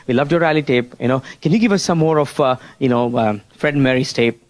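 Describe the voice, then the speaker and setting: An eager new male recruit gushes with rambling, enthusiastic praise, as a man acts him out. The voice sits a bit lower and quieter than the speaker's normal one. He sounds earnest and keen. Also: quick pace, lightly acted. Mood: gushing.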